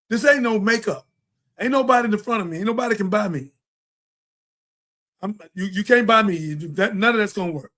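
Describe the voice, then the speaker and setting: High-voiced man giving a preachy rant. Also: a bit bright. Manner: preachy, rambling, emphatic. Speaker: talk show host. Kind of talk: impassioned political monologue.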